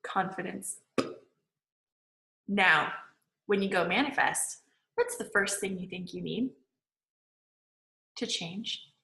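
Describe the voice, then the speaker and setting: Woman coach, bright voice, casual lecture, chatty with lots of "like", echoey room. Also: medium pitch, takes it slowly, creaky, long pauses. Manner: chatty, peppered with "like" and laughs. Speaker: manifesting coach.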